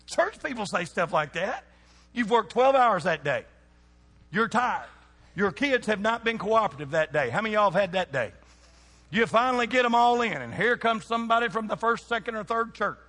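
Man, preacher, high lively voice, sermon in a reverberant hall. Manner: animated, asks the audience questions. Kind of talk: sermon to young people.

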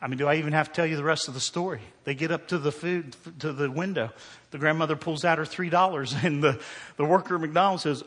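Bright-voiced preacher in a reverberant hall. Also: male voice, on the high side, fast talker. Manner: storytelling preacher, swings from hushed to emphatic. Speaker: pastor. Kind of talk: sermon.

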